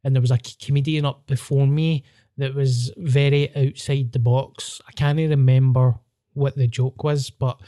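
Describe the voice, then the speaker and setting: A man's voice: mid-range voice, level tone, normal speed, warm tone. A Glaswegian man and comedian in casual podcast chat, telling stories with lots of swearing and laughter.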